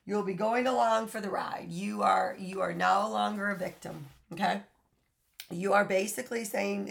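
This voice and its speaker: A woman's voice: medium pitch, fairly even intonation, moderate pace, creaky. A middle-aged woman coaching people in hard relationships, blunt and emphatic, swearing now and then. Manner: blunt, emphatic, swears, mocking sing-song asides. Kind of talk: direct-to-camera coaching talk.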